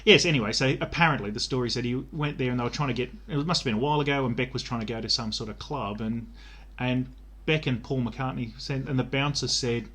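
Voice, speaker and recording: A man's voice: mid-range voice, fast talker, fairly bright tone. A man co-hosting a podcast, rambling and sardonic in casual chat. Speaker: podcast co-host.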